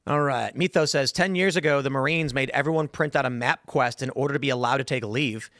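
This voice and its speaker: A man hosting a podcast, reading out viewer comments and chatting casually, animated and quick to laugh. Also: medium pitch, no room sound, studio quality. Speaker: podcast host.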